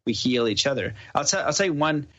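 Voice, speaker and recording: A man's voice: medium pitch, a little fast. A man from Canada, a podcast guest, casually telling a story and acting out the dialogue. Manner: animated storyteller who acts out the dialogue. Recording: dull lo-fi podcast audio.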